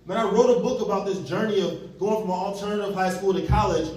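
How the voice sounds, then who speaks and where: A man, giving an animated motivational talk on stage and acting out the people in his stories. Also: high-pitched, fast talker. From Chicago, USA. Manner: animated storytelling, acting out quotes. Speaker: community organizer and speaker. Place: large hall on stage. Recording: echoey hall, from far off, faint noise.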